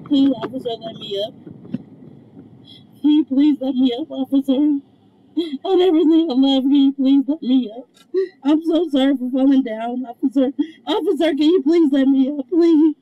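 A woman's voice: high voice, normal speed, narrow, tinny audio. A young woman in pain, crying and begging over and over from the back of a moving police car. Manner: begging, repeating herself. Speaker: detained woman.

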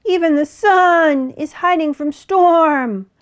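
A woman's voice: very high-pitched, takes it slowly, pitched above the performer's own voice. A woman voicing a timid, frightened flock of sheep that bleats out its fears. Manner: bleating, fearful.

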